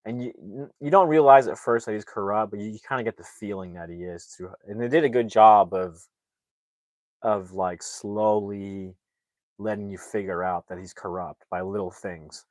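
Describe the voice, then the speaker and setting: Low-voiced man rambling through a movie recap. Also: normal speed, a little mellow, dry recording. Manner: rambling, heavy on fillers and restarts. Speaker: movie reviewer. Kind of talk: casual movie plot recap.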